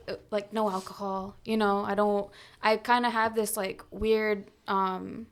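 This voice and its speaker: A woman's voice: mid-range voice, gravelly. A woman tattoo artist talking casually as a podcast guest, with lots of "like" and "um" fillers. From Canada/US Mohawk territory. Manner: laughs often, many "like" and "um" fillers. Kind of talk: casual chat.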